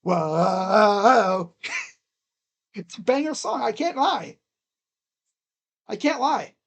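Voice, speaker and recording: A streamer giving live play-by-play reaction to a basketball game, reading out stats and getting excitable, repeating catchphrases and laughing. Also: high-pitched, slow pace, gravelly, slightly rough. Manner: reads out box score stats.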